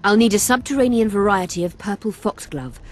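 An actor playing a learned male healer mage who talks in a formal, measured, explanatory way in a fantasy video game. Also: sits high, natural voice.

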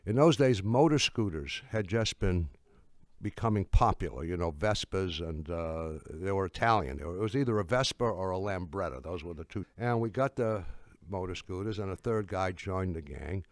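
An older man with a lowish voice tells a story from the stage, halting and restarting as he goes. His humor is dry, and the sound is close and dead, with no room around it. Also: expressive, no room sound. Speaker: speaker giving a talk. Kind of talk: anecdotal storytelling talk.

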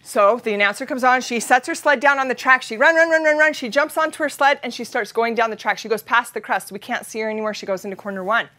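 A woman in her thirties from Utah giving an animated storytelling keynote, acting out voices and sound effects. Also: on the high side, fast, hardly any pauses. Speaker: keynote speaker.

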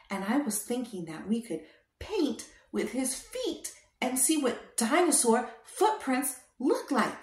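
Woman, children's show host, high voice, very slow and sing-song, roomy echo. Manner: slow, exaggerated sing-song delivery for toddlers. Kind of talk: teaching toddlers.

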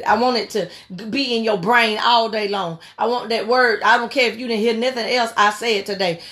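A woman preaching with fervent, urging energy, her voice sitting a little high. She drives her points home by repeating short phrases again and again. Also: quick pace, a bit bright. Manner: repetitive, exhorting, fervent. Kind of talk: impassioned sermon on a prayer line.

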